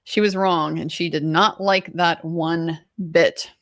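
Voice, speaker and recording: A woman's voice: fairly low pitch, fairly even intonation, slow, no room sound, studio quality. A middle-aged woman, an attorney, giving sardonic, pointed live commentary on a trial and sometimes mimicking the people she discusses.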